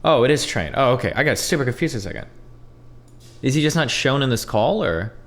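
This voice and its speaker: A man's voice: medium pitch, lively intonation, brisk, fairly bright tone. Man ranting over a streamed debate. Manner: exasperated, profane rant. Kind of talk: casual reaction commentary.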